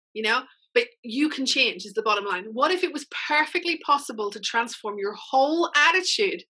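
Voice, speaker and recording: An upbeat woman teaches an online workshop in a chatty, encouraging way. Her voice sits a little high and sounds bright and forceful, and she keeps checking in with her listeners as she talks. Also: breathy edge, low-quality recording. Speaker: mental game coach.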